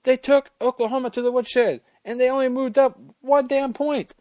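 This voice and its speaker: A man with a high, keyed-up voice rants about football rankings on his own sports talk show. He sounds opinionated and gets fired up, cussing as he goes. The sound is dry and close, with no room around it. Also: steady tone, normal speed, darkish tone, dry recording. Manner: fired up, opinionated, cusses when worked up. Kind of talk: casual sports rant.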